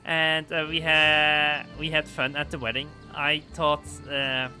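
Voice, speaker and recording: A man voicing a cheerful teenage princess in a game, giggly and excited. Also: on the high side, takes it slowly, music in the background.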